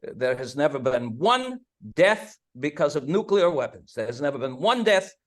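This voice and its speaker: A man voicing a blunt old male physicist with a put-on Hungarian accent, stating things flatly as fact. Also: on the high side, normal speed. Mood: flatly dismissive. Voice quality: mock-heavy accent, matter-of-fact declarations.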